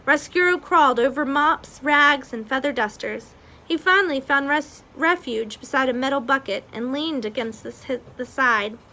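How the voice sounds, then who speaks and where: A woman's voice: high voice, normal speed, sharp tone, poor audio. A woman reading a children's novel aloud with expression, after a casual recap. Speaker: reader.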